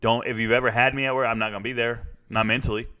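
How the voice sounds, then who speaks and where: A man's voice: medium pitch, little pitch movement, rapid-fire, pushed and bright, clean tone. A middle-aged man giving blunt, casual live-stream commentary on a fight and chatting with his viewers. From United States.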